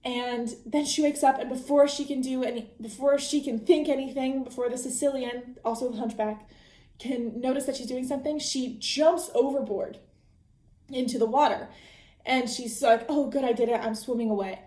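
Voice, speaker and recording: A woman's voice: high-pitched, fairly even intonation, moderate pace, warm tone, roomy sound. A woman podcast host recapping a book in a casual, chatty way, often restarting her sentences. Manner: chatty storytelling with frequent restarts and laughs.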